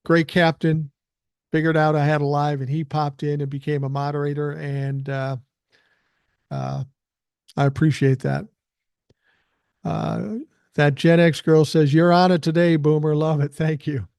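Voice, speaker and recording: A man's voice: a little high, level tone, measured pace, gravelly, long pauses, darkish tone, clean tone, dry recording. Heated profane older man ranting. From South Minneapolis, USA. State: out of breath. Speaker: podcast host. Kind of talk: ranting live stream commentary.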